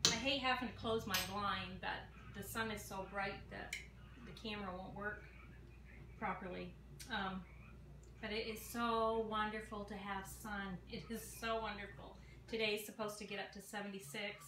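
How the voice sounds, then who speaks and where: A woman's voice: medium pitch, fairly even intonation, moderate pace. Chatty sixty-year-old woman in an echoey kitchen. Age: 60s. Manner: chatty, folksy, talks straight to viewers. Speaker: home cooking vlogger. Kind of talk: casual cooking chat to camera. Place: home kitchen. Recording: echoey kitchen with clear background noise.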